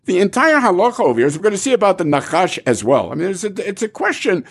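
A man's voice: high voice, very animated, fast, husky. A man teaching a Talmud class, explaining animatedly and asking rhetorical questions, with Hebrew terms mixed in.

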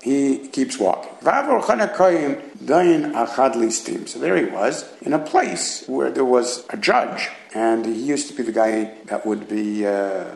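A man's voice: creaky, rough recording. A man teaching a Talmud class, translating Aramaic phrases as he goes and acting out the characters in the story. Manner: translates Aramaic line by line, acts out characters with jumps in pitch.

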